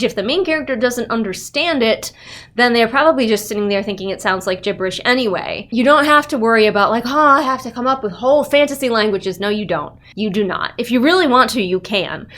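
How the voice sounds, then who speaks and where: A woman's voice: fairly high pitch, a bit bright. A woman hosting a writing-tips channel, talking casually to camera with lots of "like" and rhetorical questions. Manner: chatty, filler "like", rhetorical questions. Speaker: writing tips channel host and developmental editor. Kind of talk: casual tutorial talk to camera.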